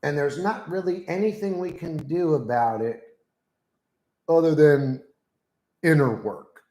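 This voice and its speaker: A man's voice: on the high side, unhurried, roomy sound, low-quality recording. A man hosting his own channel, ranting casually and bluntly with lots of swearing, dictating punctuation aloud to a voice assistant with the mic right next to him. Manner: talks loudly into the mic. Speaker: channel host. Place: room at home.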